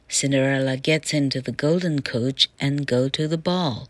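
A woman teacher reading a storybook aloud slowly and carefully in a bilingual lesson. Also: a bass voice, no room sound. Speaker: English teacher.

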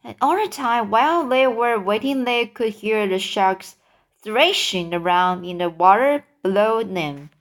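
A woman reading a children's book aloud, halting, with slips and self-corrections. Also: medium pitch, lively intonation. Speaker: reader.

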